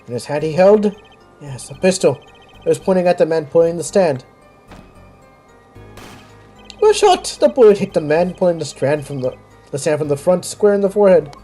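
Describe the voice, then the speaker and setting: A man's voice: fairly high pitch, fairly quick, dark tone, faint music behind, close to an everyday voice. A man doing a pompous, long-winded student witness. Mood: narrating. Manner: overblown wordy speech, put-on accent.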